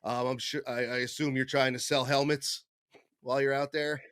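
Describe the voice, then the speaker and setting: A man's voice: mid-range voice, little pitch movement, moderate pace, fairly bright tone, no echo, studio quality. Jokey rambling podcast host man. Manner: jokey, rambling, self-deprecating. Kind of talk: casual podcast chat.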